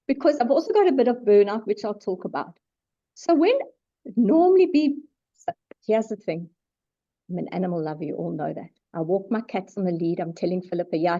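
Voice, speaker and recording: A middle-aged woman, a psychologist giving a webinar talk in an animated, emphatic way with self-deprecating asides. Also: on the high side. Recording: dull lo-fi webinar audio.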